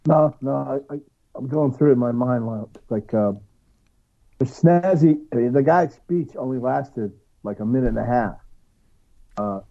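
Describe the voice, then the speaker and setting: A man with a very dark, mellow voice answers quiz questions as a podcast guest, hesitating and filling the gaps with "uh" and "um". He sounds distant and dull, like remote audio. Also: mid-range voice, normal speed, gravelly. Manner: hesitant, with many fillers. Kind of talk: casual chat.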